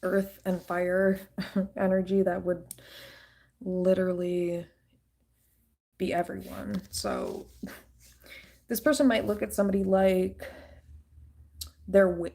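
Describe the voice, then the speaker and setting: A woman in an unscripted tarot reading who talks bluntly and swears freely. Her delivery is loose and rambling, full of fillers and restarts. Her voice sits at an ordinary pitch for a woman. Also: a little slow, vocal fry, pauses often, mellow, slightly rough. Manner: blunt, profane, ranting. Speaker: tarot reader.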